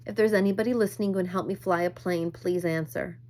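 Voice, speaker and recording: A woman's voice: on the low side, fairly even intonation, fast talker, darkish tone, lightly acted. A woman voicing a frightened teenage boy, sobbing and pleading for help over a plane radio. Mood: desperate. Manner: screaming, crying, pleading. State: sobbing, desperate.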